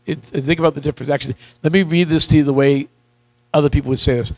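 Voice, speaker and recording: A man coaching real estate agents in a live seminar, energetic and repetitive, questioning the audience, with a voice that is wearing out. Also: fairly high pitch, fast, no room sound, poor audio. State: losing his voice.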